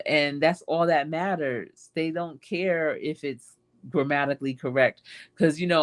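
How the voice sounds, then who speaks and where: A woman hosting a casual live stream, talking in a chatty, reflective and encouraging way and acting out quoted asides. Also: sits low. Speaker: host.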